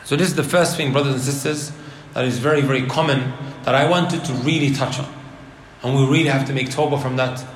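A man's voice: mid-range voice, a little fast. Man, religious lecture, rhetorical questions, echoey hall, faint room hum. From Leicester, England. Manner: animated, throws rhetorical questions at the audience. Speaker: Islamic preacher. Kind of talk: religious lecture to a live audience. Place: indoor hall with an audience.

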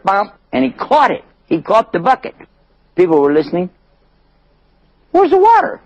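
A man telling a story to an audience in a lively way, acting out the voices and chuckling often. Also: high voice, brisk, vocal fry, no room sound, dull audio.

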